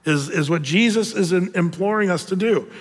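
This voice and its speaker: High-voiced pastor preaching in a reverberant hall. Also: male voice. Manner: conversational, with many fillers and repeated starts; slows down for scripture reading. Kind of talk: sermon. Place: church sanctuary.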